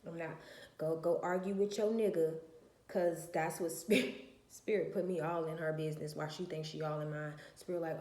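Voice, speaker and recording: A woman's voice: low voice, steady tone, moderate pace, a little mellow, roomy sound. A woman, a mother of four, telling her story in a casual vlog in a blunt, emphatic way and swearing freely.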